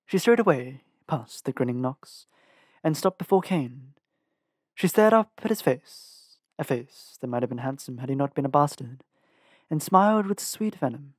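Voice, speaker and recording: A man narrating an audiobook with an expressive reading and lively shifts in pitch. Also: normal speed, no room sound, clean studio sound. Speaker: audiobook reader.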